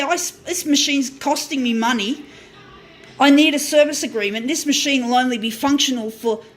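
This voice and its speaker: A woman running a small print business who rants angrily and with heavy swearing about her photocopier. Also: high-pitched. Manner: swears heavily, frustrated, restarts sentences. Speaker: small business owner ranting on video. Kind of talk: angry profane rant.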